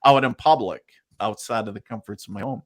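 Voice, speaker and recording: A man's voice: lowish voice, fairly quick. A man being interviewed as a psychic medium, telling stories casually and acting out what people said. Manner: animated storyteller, acts out quotes, laughs often.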